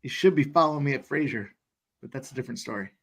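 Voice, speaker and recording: A man's voice: medium pitch, fast talker, husky. A man co-hosting a live betting stream, calling horse races with hype and banter. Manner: hyped race calling, bantering. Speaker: sports betting stream host.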